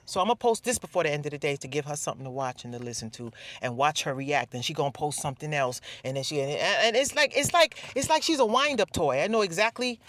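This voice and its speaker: A woman's voice: sits low, no echo. A woman ranting casually on her vlog, profane and mocking, laughing at the people she talks about. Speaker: vlogger.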